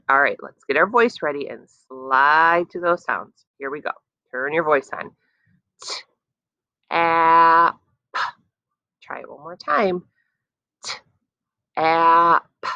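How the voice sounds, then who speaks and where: A woman teacher leading a phonics lesson for young children, stretching words out slowly and praising their answers. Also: deep voice, pushed and bright, dry recording, lo-fi sound. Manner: slow, drawn-out sounding of words, encouraging.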